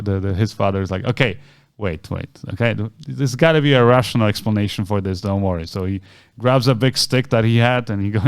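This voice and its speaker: A man co-hosting a podcast, casually retelling a story and acting out the voices of the people in it with big jumps in pitch. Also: clean tone. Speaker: podcast co-host.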